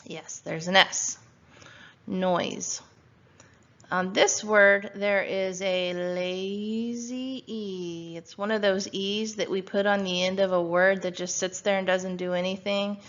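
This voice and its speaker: A woman patiently sounds out letters and asks questions while teaching first graders phonics spelling at home. Her mid-range voice is fairly bright, a little slow, and shows little pitch movement, and the recording is dull and lo-fi.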